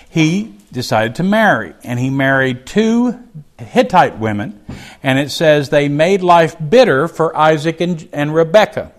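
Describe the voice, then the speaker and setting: A man teaching a Bible chapter, reading verses aloud and explaining them in a folksy, conversational way. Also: on the high side. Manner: reads scripture aloud, then explains it in a folksy aside.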